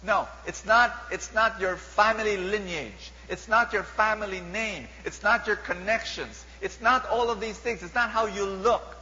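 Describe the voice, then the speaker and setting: Bright-voiced Filipino preacher in a reverberant hall. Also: male voice, high-pitched, measured pace, hardly any pauses. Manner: animated, mixing languages, repeats and rhetorical questions to the crowd. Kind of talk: sermon. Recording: dull lo-fi sound with long hall reverb and faint hum.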